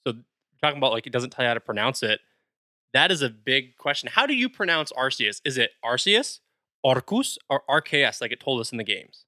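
A man's voice: mid-range voice, very animated, a little fast, sharp tone, dry recording. A man co-hosting a podcast, eagerly retelling a video game's story in casual chat. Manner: enthusiastic, retells game scenes with quoted lines. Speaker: podcast co-host.

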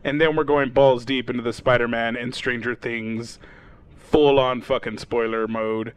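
A man's voice: mid-range voice, fairly even intonation, measured pace, clear, resonant tone, dry recording. A man co-hosting a casual podcast, chatting loosely with friends, swearing often and laughing. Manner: profane, laughing, playful. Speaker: podcast co-host. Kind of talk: casual chat.

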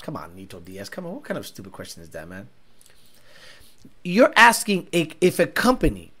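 A man's voice: high-pitched, sharp tone. A man hosting a casual reaction video, rambling and joking in a crude, profane way. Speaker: host.

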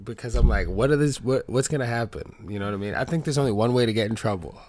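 A young man hosting his own podcast in casual chat, rambling and swearing a lot, loud and unable to whisper. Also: medium pitch, fast, dry recording. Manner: loose, swears a lot, rambling with many restarts. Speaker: podcast host.

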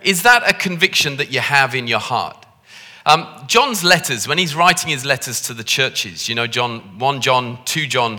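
Scouse male preacher, joking and conversational, with a sharp, ringing tone in a big echoing hall. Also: mid-range voice. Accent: Liverpool. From Liverpool, England. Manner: jokey, self-deprecating, conversational. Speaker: visiting preacher. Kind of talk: sermon. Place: church hall. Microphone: handheld microphone. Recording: reverberant church hall.

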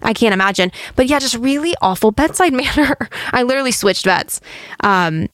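Woman, podcast host, chatty and animated, dry close recording. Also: a little high, brisk, no room sound. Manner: chatty and expressive, acts out quotes. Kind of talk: casual chat.

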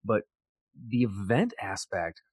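A man's voice: lowish voice, big pitch swings, slow, a little mellow, husky, no room sound, clean studio sound. A man hosting an interview, asking rambling, searching questions. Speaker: podcast host. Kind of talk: casual interview.

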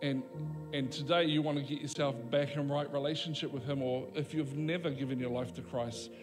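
A man preaching a sermon as pastor, emphatic, with dramatic pauses and voiced quotes. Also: medium pitch, steady tone, long reverb tail, over music.

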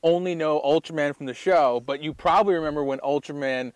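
A man with a slightly high voice co-hosts a comedy podcast, recorded close and dry with no room sound. He rambles through his points with hesitant fillers and laughs easily. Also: brisk, clear, resonant tone, no echo. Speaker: podcast co-host. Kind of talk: casual comedic chat.

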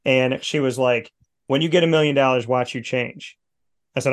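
A man's voice: medium pitch, normal speed. A man who hosts a sports broadcast, chatting casually and acting out quotes as he tells stories. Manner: animated storyteller, acts out quotes.

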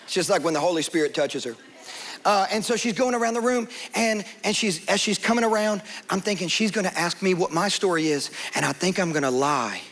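A man preaching a sermon as a pastor, telling a personal story in an animated way and acting out the voices of people in it. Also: high voice, a little fast.

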